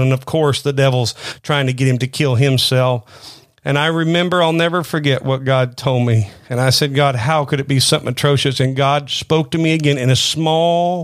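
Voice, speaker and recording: Middle-aged guy preaching, earnest, keeps restarting, kinda high voice, dry close mic. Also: dry recording. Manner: earnest, repeats words and restarts often. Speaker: pastor. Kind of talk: sermon-style teaching.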